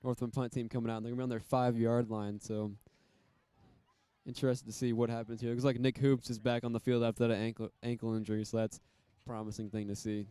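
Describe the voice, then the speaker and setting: A man calling a high school football game, casual and rambling, with many fillers. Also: flat delivery, fast talker, dark tone, clean tone, no echo. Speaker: play-by-play commentator.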